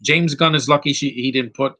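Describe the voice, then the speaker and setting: A man's voice: medium pitch, fairly even intonation, a little fast, bright, forceful tone. A man giving casual live commentary over a movie, blunt and rambling, going off on tangents.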